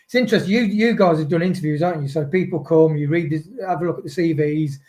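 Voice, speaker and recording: A man's voice: fairly high pitch, fast talker, darkish tone. A man on a football fan panel, talking in rambling, musing stretches with frequent restarts. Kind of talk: casual football podcast chat.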